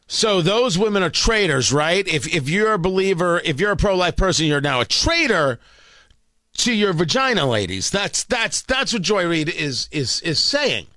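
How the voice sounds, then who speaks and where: A man's voice: sits high, sing-song, moderate pace, sharp tone, no room sound, clean studio sound. A man from New York with a New York accent, a morning talk radio host giving a sarcastic, combative monologue and often repeating words as he rambles.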